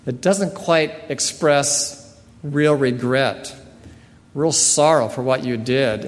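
A man giving a sermon in a slow, earnest way, often clearing his throat. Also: fairly high pitch, darkish tone. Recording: long hall reverb.

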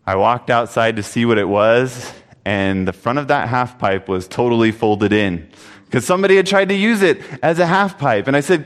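A man's voice: medium pitch, moderate pace. A man preaching a sermon, telling a story earnestly and reading scripture aloud. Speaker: pastor. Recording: long hall reverb.

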